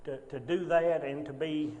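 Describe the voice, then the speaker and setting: A man teaching an informal Sunday Bible class, speaking haltingly with frequent restarts and rhetorical tag questions, in a church classroom. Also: fairly high pitch, fairly even intonation, warm tone, big-room sound.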